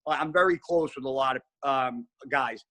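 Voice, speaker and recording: A man's voice: mid-range voice, moderate pace. A man as a podcast guest, telling stories in casual chat, blunt and heavy on profanity. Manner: blunt, profane, animated storyteller.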